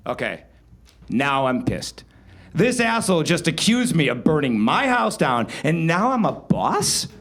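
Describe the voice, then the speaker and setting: A man telling a comic true story live on stage, wry and animated, with sudden loud outbursts. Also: on the high side, moderate pace. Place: live show venue.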